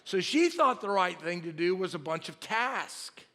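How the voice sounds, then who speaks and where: A man's voice: sits high, sing-song, a little slow, bright, forceful tone. A man, preaching a sermon and acting out the people in his story. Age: 50s. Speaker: pastor. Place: large church hall. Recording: long hall reverb from a church sanctuary.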